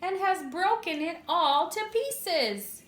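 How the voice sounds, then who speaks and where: Baby bear cub for a storybook reading, high and squeaky, slow and echoey, a woman doing the voice. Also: animated, fairly bright tone, exaggerated voice. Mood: upset. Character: tiny young male bear cub, squeaky. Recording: echoey room.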